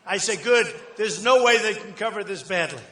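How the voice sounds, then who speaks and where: A man's voice: sits high, normal speed. Boastful older man at an echoey rally. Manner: boastful, rambling, conversational with sudden loud bursts. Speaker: political candidate at a rally. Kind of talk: rally speech. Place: large outdoor rally crowd. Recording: echoey rally PA with crowd ambience.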